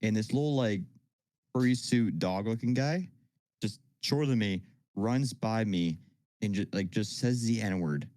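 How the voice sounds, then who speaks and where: A man's voice: lowish voice, a little slow, a little mellow, no echo. A young man co-hosting a podcast, telling stories in a laid-back, rambling way. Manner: laid-back storyteller, lots of fillers. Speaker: podcast co-host. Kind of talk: casual chat.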